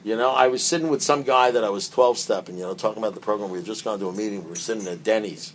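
An older man speaking at a recovery meeting, talking conversationally, repeating his words and moving between quiet asides and emphatic points. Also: lowish voice, rapid-fire, slight background noise.

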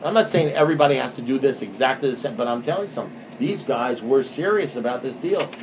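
A man's voice: medium pitch, quick pace, noisy background. A man telling stories to an audience in a loose, conversational way, often asking "you know what I mean" and repeating lines when he reads aloud. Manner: reads book passages aloud with repetition. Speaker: speaker sharing recovery experience. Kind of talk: storytelling talk to an audience.

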